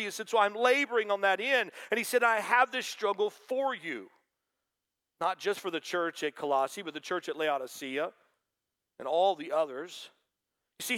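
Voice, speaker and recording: A pastor with a high, slightly bright voice preaches a sermon to his congregation. He talks conversationally and quotes scripture in asides.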